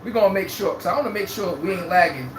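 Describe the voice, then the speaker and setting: A man's voice: high voice, animated, fast, echoey room, background noise. A man hosting a live sports fan stream, trash-talking rival fans, reading out chat comments and laughing often. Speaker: sports livestream host.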